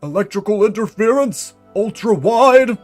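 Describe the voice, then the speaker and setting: A man's voice: sits high, lively intonation, normal speed, faint music behind. A man voicing a male employee number fifty-three, a conspiracy-minded agent giving a theatrical, urgent report. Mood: conspiratorial. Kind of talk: dramatic reading of a mystery log.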